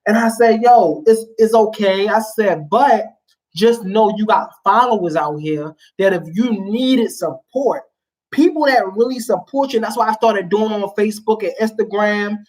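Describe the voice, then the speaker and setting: A woman's voice: medium pitch, normal speed, a little mellow. A woman guest in casual chat, telling stories emphatically in slang-heavy talk.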